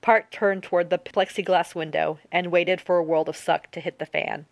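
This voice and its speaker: A woman narrating a novel in a steady audiobook reading. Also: lowish voice, moderate pace, highs cut off. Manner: even, steady storytelling.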